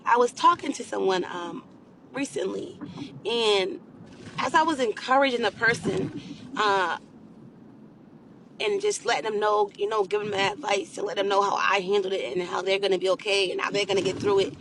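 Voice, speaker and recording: A woman's voice: medium pitch, fairly even intonation, moderate pace, background noise. A woman life coach giving an earnest, preacher-like motivational talk about faith, repeating phrases and calling her viewers y'all. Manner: drops to a soft, hushed voice when speaking to abuse survivors.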